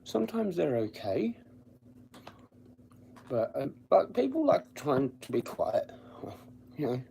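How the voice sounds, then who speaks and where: A man's voice: on the high side, wildly swooping pitch, slow pace, vocal fry, mellow, slight background noise. An Australian man on a livestream with the camera off, rambling in casual, blunt chat, swearing constantly and laughing at his own stories. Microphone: streaming from home with the camera off.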